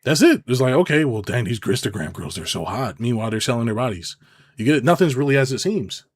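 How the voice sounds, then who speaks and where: A man in an ordinary middle pitch rants to camera like a business consultant thinking out loud. He is sarcastic and swears freely. His talk rambles and swings from loud bursts to low mutters. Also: lively intonation, fast, slightly rough. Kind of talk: casual rant to camera.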